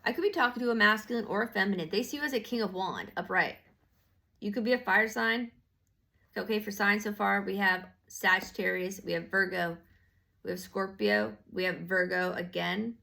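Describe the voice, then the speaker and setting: A woman's voice: mid-range voice, moderate pace, gravelly, bright, forceful tone. A woman giving a casual tarot reading, slangy and profane, rambling with lots of fillers and restarts. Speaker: tarot reader.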